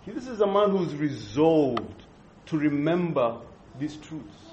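A man preaching an expository sermon, earnest and measured, pausing and restarting as he thinks. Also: fairly high pitch, very animated, a little mellow, a little hiss or hum. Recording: dull lo-fi recording.

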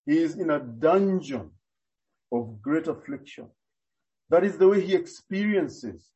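A man preaching a sermon, expounding earnestly and deliberately, with frequent hesitations. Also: fairly high pitch, animated, warm tone, dull audio.

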